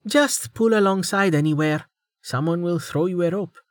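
A man doing a brisk, dry-humoured young woman. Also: high-pitched, no echo, voice pushed up, natural voice. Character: brisk, self-assured young woman warrior.

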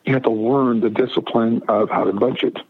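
A man with a husky, breathy voice recounts a personal story as a radio interview guest. He talks emphatically and keeps circling back over his words. The sound is narrow and tinny, like a phone line. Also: medium pitch, steady tone, brisk. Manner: emphatic, repeats and restarts phrases.

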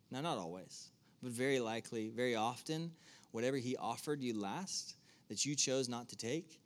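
A man preaching to a room, talking casually and putting direct questions to his listeners. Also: mid-range voice. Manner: conversational, asks the audience direct questions. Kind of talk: sermon. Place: church room with an audience.

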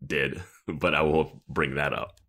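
A man co-hosting a podcast, chatting casually about a TV episode, animated and chuckling often. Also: very deep voice, slow. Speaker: podcast co-host. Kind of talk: casual chat recapping a TV episode.

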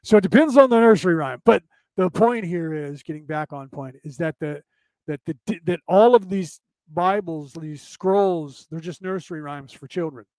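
A man's voice: on the high side, moderate pace, a little mellow, no room sound. A man hosting a casual spiritual talk show, rambling, repeating himself and often asking "right?" as he reads comments from his listeners. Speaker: podcast host.

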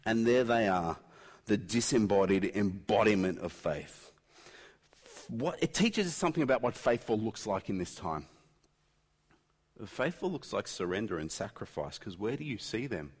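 A middle-aged man preaching a sermon, swinging between loud emphatic peaks and quiet intensity. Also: lowish voice, expressive, moderate pace, breathy edge. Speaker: pastor. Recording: long hall reverb.

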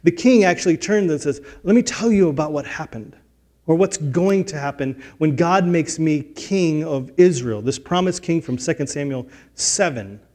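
A man's voice: a little high, lively intonation, normal speed, a little mellow. A middle-aged man preaching a sermon, earnest and building to emphatic peaks, with frequent restarts. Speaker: pastor.

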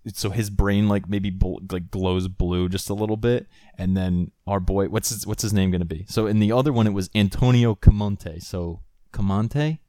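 A man's voice: on the low side, steady tone, normal speed, hardly any pauses, mellow, no room sound, studio quality. A young man co-hosting a podcast, rambling and joking, laughing and swearing freely in casual chat. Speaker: podcast co-host.

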